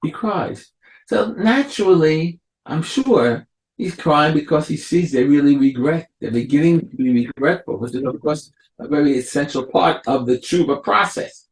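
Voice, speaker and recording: A man, a rabbi, giving a Torah lecture, explaining slowly and acting out the quotes of biblical figures. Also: on the high side. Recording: echoey room.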